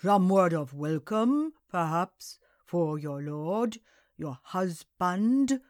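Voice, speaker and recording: A woman's voice: on the low side, very slow, dry recording, clean studio sound. A woman voicing a stern Danish jarl. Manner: stern, flat, commanding. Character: stern Danish male jarl, past thirty, imperious.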